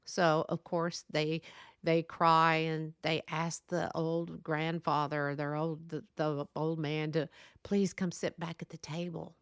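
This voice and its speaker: A woman's voice: low-pitched, flat delivery, slow pace, clear, resonant tone, no echo, clean studio sound. Chatty woman retelling a folk tale. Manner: chatty, rambling with asides and restarts. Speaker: podcast host. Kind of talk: casual storytelling.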